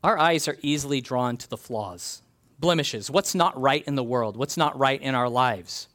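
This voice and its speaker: A man's voice: mid-range voice, normal speed, fairly bright tone. A man preaching a sermon in a conversational, earnest way, reading scripture aloud and explaining it. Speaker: pastor.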